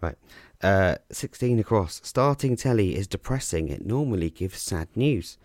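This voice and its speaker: A man casually explaining crossword clues as a podcast host, relaxed and chatty with frequent ums and restarts. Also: on the low side, moderate pace, no echo, clean studio sound.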